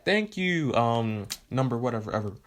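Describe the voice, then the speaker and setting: A man voicing a loud, excited male announcer teacher in a casual fan retelling. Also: medium pitch, normal speed, lightly acted. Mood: hyped.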